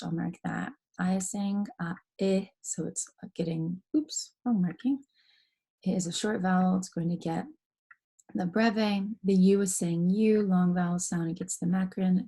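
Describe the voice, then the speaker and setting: A woman teaching a phonics lesson to young students, explaining word parts slowly and carefully, step by step. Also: lowish voice, gravelly, mellow, breathy edge.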